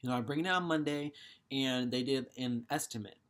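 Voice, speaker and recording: A man's voice: medium pitch, a little fast, a bit bright. A young man in his twenties telling a story casually, swearing and exasperated. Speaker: vlogger.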